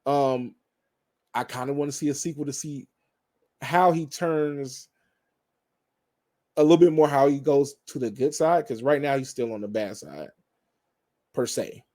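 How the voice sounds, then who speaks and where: Chatty guy reviewing a film, rambling and loose, mid-pitched voice. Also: unhurried, pauses often, mellow. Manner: rambling, conversational, frequent laughs and fillers. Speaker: movie reviewer. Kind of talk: casual spoiler review.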